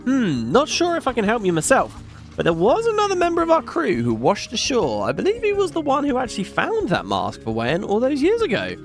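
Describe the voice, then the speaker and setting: Brief: man reading a steady pirate crewman, plain dry delivery, lively pitch. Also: brisk, vocal fry, soft background music, exaggerated voice. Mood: matter-of-fact. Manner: reading a role aloud, casual.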